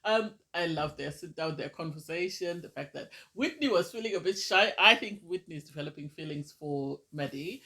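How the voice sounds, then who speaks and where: A man's voice: a little high, expressive, moderate pace, hardly any pauses, sharp tone. A man chatting through a casual review and recap of a reality TV episode, gushing and exclamatory.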